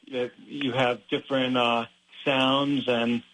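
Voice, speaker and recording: Flat-voiced, hesitant male interviewer. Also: medium pitch, slow pace, poor audio. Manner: hesitant, full of ums and uhs. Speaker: interviewer and host. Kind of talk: interview questions.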